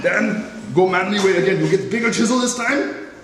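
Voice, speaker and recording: Playful high-voiced man in echoey workshop. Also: brisk. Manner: playful mock-macho humor. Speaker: woodworking instructor. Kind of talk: hands-on workshop demonstration. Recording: echoey hall with background noise.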